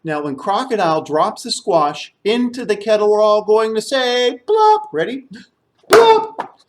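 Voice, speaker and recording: A man's voice: high-pitched, moderate pace, noisy background. A man telling a children's story at a church service, playful and inviting the group to join in. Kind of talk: children's story with audience call-and-response.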